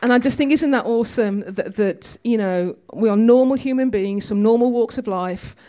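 A woman's voice: on the high side, moderate pace, dark tone. A woman giving a conversational, storytelling sermon in a church. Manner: chatty, storytelling, with humor. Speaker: preacher.

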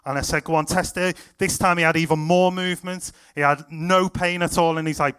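A young man preaching to a youth group, retelling stories with excited, animated quotes. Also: on the high side, fairly quick, hardly any pauses, smooth. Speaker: youth pastor. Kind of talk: sermon storytelling to a youth group.

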